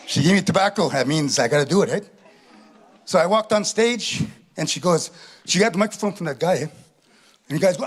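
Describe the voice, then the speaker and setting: A middle-aged man from Canada telling a stand-up comedy story on a theatre stage, animated, chuckling as he acts out voices. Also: sits high, brisk, breathy edge. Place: theatre stage with live audience.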